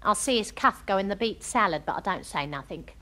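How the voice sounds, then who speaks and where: A woman's voice: mid-range voice, a little fast. An actress playing a chatty, starry-eyed young working-class girl in a comic monologue, gossiping with homely, ungrammatical speech. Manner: lively, breathless gossiping storyteller.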